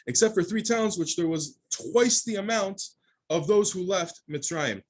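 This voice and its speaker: A rabbi gives his daily Talmud lesson in a fairly high voice for a man. He reads the Aramaic text line by line and then explains it in plain English. He often stops and restarts as he searches for the right wording. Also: a little slow, slight background noise. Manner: explains phrase by phrase, with frequent restarts.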